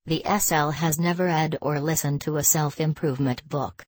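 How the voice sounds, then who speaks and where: A woman reading a written text aloud in a deadpan way, speaking the punctuation marks as words. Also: low-pitched, moderate pace, no echo.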